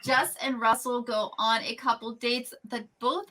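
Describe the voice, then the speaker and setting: Woman host for a casual chat podcast, bright and upbeat, easy laugh. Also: fairly high pitch, fairly even intonation, measured pace. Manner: upbeat, chatty, laughs easily.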